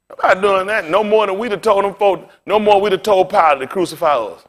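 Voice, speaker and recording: Higher-voiced male pastor, preaching loosely. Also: fast, hardly any pauses. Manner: casual preaching with big swings in pitch and loudness; talks directly to the congregation. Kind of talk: sermon.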